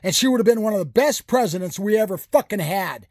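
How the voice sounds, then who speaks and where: A furious man rants straight at the camera in a high, husky voice, swearing and hammering his points again and again. The sound is dry and close, with no room around him. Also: lively intonation, fast talker, a little mellow, dry recording. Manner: heated, profane, repetitive and emphatic. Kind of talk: political rant to camera.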